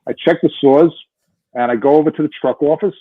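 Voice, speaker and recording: Man, 60s, retired fire lieutenant, podcast guest, animated storyteller, husky, phone-line sound. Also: a little high, a little fast, no echo. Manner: animated storyteller, frequent restarts.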